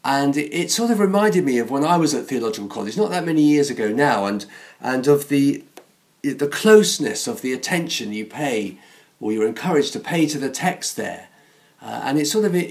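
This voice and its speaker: A man, a parish priest, giving a chatty, self-deprecating sermon in a church. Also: mid-range voice.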